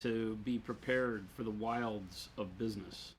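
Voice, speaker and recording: A man's voice: on the low side, a little slow, slight background noise, rough recording. A man co-hosting a casual miniature painting livestream, chatting and teasing in playful banter. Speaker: stream co-host.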